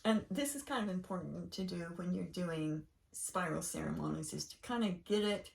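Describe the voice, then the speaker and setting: An older woman hosting a casual chat, telling a rambling, animated story with laughing asides. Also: fairly low pitch, normal speed, gravelly. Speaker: podcast host. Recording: voice a bit far from mic.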